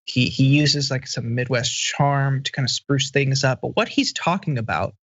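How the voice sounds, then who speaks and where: A man in his thirties, a guest on a political commentary show, talking bluntly and dismissively, with halting restarts. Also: medium pitch, a bit bright, no echo, lo-fi sound.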